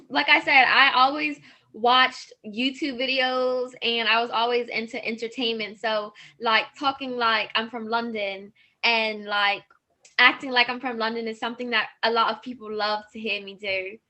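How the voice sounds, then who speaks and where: A woman's voice: fairly high pitch, steady tone, a little slow, pushed and bright. A young woman, a model and guest, chatting casually on a video call, full of "like" and "um". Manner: casual, many fillers like "like" and "um". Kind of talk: casual interview chat.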